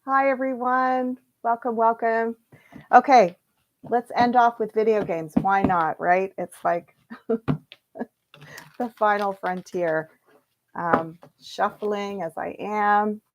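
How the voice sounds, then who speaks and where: A woman hosting a livestream tarot reading, chatty and animated, laughing often and quoting people in playful voices. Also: mid-range voice, takes it slowly, lo-fi sound, noisy background. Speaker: tarot reader.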